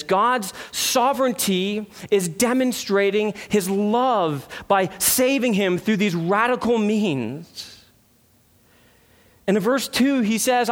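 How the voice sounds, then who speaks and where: Long hall reverb fills this recording of a high-voiced pastor preaching in a church sanctuary. He asks earnest rhetorical questions, moving back and forth between loud emphasis and hushed, reflective moments.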